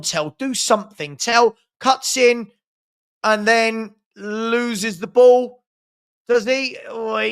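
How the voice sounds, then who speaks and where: A man's voice: extremely high pitch, a bit bright. A man from hosting a live fan watchalong, calling a match with sarcastic exasperation and rueful laughter.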